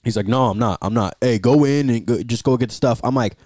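A man's voice: medium pitch, fast talker, darkish tone, no echo. A man telling a long rideshare story in casual chat, swearing freely and acting out the people he quotes. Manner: profane storyteller, acts out quotes.

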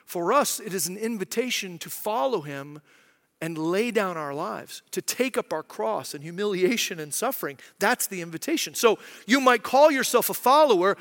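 Male pastor, thirties, high bright delivery, chatty sermon, church hall reverb. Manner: conversational, keeps asking "right?"; acts out quoted voices.

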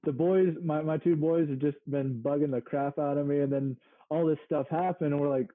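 A man's voice: on the high side, steady tone, moderate pace, no room sound. A man from Mississippi, a guest chatting in an easygoing way and searching for words as he goes. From Mississippi, United States. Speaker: interview guest, small farm owner. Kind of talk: casual conversation. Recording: narrow phone-like sound.

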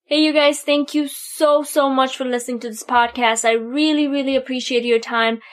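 A woman's voice: high voice, fairly even intonation, normal speed. Upbeat woman hosting a podcast. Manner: upbeat, emphatic. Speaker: podcast host. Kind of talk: podcast outro.

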